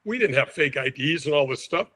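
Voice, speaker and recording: A man in his sixties from St. Louis, a podcast guest telling an animated anecdote and acting out the quotes. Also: fairly high pitch, fairly quick. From St. Louis, USA. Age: 60s. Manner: lively storyteller, acts out quotes, chuckles often.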